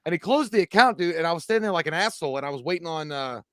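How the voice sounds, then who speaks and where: A man's voice: a little high, expressive, rapid-fire, fairly bright tone, no room sound, studio quality. A man in his thirties co-hosting a casual live movie chat, rambling through profane stories. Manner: rambling, profane anecdotes with laughs and restarts. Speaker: co-host of a live movie talk show.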